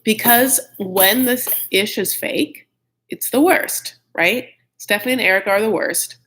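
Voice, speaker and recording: A man's voice: sits high, unhurried, pushed and bright, a little hiss or hum. A man hosting a live chat recap of a reality show, gossipy and blunt, with frequent "like" and mocking impressions of the cast.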